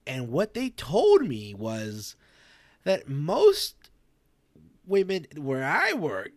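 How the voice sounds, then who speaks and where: A man's voice: fairly high pitch, huge pitch swings, very slow, no echo, clean studio sound. A man co-hosting a role-played talk show, joking around, repeating himself and giggling.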